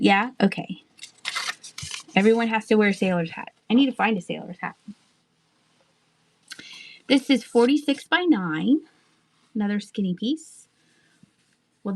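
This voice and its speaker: A woman hosting a live-stream sale, chatting casually, thinking aloud with asides and trailing sentences, and laughing often. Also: mid-range voice. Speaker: live online seller. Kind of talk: live-stream sales chat.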